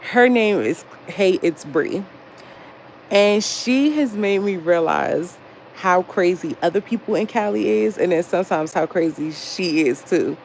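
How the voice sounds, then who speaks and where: Young woman, casual livestream chat, profane, gravelly, faint background noise. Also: fairly low pitch, unhurried, poor audio. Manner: animated, profane, reads chat aloud. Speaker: livestream host.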